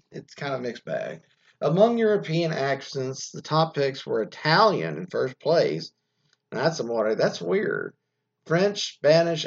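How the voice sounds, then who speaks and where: A man's voice: fairly low pitch, vocal fry, a little mellow, breathy edge. A man hosting a radio show, rambling offhandedly through an article and sometimes swearing. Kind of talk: casual commentary on an article. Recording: dull lo-fi recording.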